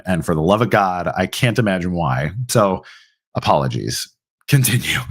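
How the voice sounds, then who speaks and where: A man's voice: medium pitch, a bit bright. Guy hosting a live q&a stream, rambly, lots of um and like, restarts his sentences a lot. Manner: rapid, rambling, full of fillers and restarts. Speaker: host. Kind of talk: live ask-me-anything stream.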